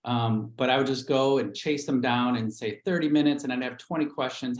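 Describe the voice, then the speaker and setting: A man's voice: mid-range voice, brisk, echoey room, low-quality recording. Candid middle-aged man telling his story. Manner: candid, animated storytelling with acted-out quotes. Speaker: real estate agent. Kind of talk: livestream interview storytelling.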